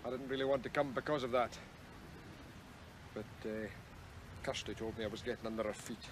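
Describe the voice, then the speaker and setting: An actor as a soft-spoken Scottish gillie. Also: male voice, mid-range voice, fairly even intonation, a little fast, noisy background, natural voice. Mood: patient, deferential. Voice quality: soft-spoken, polite and deferential. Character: deferential male Scottish gillie, patient servant. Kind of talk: 1970s television drama acting.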